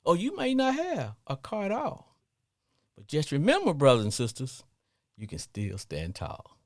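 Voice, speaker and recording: A middle-aged man with a Southern accent hosting a casual sports talk radio show, playful and animated. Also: fairly high pitch, normal speed, no room sound, clean studio sound. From Southern US, family from Louisiana. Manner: animated, playful, breaks into song snippets.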